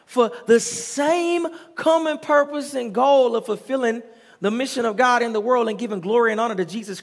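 High-voiced pastor preaching in a reverberant hall. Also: male voice. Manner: preaching with call-and-response and chanted repetition. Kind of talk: sermon. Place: church sanctuary.

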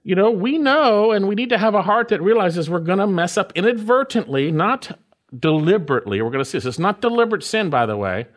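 Animated man preaching a sermon. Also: sits high. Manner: emphatic, repeats key phrases with rising stress; slows down for emphasis, explains word meanings. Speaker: pastor. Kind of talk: expository sermon.

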